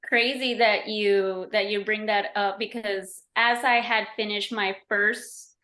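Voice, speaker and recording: A woman's voice: medium pitch, fairly even intonation, slow, bright, forceful tone. Chatty woman in an echoey room. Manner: chatty, explains with lots of "like" and "you know". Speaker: podcast guest. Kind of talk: casual podcast conversation. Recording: roomy, echoey remote recording.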